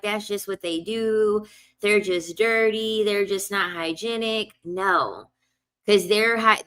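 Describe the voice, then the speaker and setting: A woman's voice: mid-range voice, sharp tone. A young woman telling a casual storytime rant, blunt and profane, repeating lines for emphasis. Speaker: vlogger.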